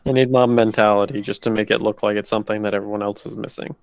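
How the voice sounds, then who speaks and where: A man in a casual group chat who explains his ideas deliberately, with dry humor. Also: fairly low pitch, steady tone, creaky, slight background noise. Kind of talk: casual chat before a tabletop game stream.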